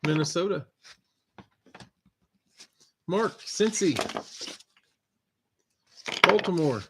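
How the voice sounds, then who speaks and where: A man hosting a live stream, steadily reading out viewer names and teams with relaxed asides. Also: high voice, drawn-out words, background noise. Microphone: computer mic on a live stream.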